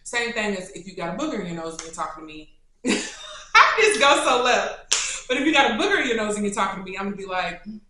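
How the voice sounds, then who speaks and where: A young adult woman vlogger answering questions in a casual, chatty, animated way. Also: mid-range voice, fast, slight background noise. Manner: chatty and animated, turning tender and choked up. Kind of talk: casual Q&A chat to camera. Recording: echoey room.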